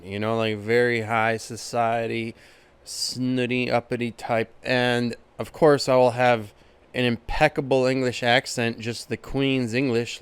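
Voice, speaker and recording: A man doing a casual, deadpan comedy monologue. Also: mid-range voice, clean tone, dry recording.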